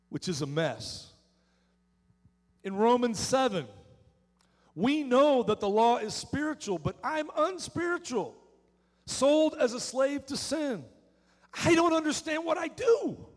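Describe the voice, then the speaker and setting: A male pastor preaching a sermon in earnest, slowing down on key words for emphasis. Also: extremely high pitch. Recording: church hall with long reverb.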